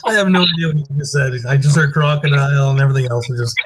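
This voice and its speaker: A man's voice: fairly high pitch, rapid-fire, very noisy. A man chatting easily on a live stream call, often restarting his sentences. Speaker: YouTuber guest. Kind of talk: casual chat.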